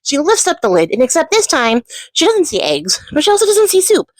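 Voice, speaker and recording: A woman's voice: sits high, wildly swooping pitch, a little fast, dry recording, poor audio. A woman retelling a fairy tale in a chatty, casual way, laughing often and swearing. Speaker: storyteller and channel host.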